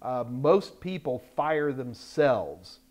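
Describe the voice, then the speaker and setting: An older man hosting a live question-and-answer stream, talking bluntly and emphatically and getting loud when frustrated. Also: mid-range voice, lively intonation, takes it slowly. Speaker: host answering viewer questions. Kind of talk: live Q&A chat. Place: Texas, United States.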